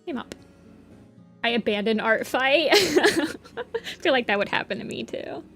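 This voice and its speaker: A woman's voice: fairly high pitch, expressive, unhurried, a bit bright, soft background music. A woman chatting casually on a livestream while she draws, reading chat messages aloud and answering them. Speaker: art streamer.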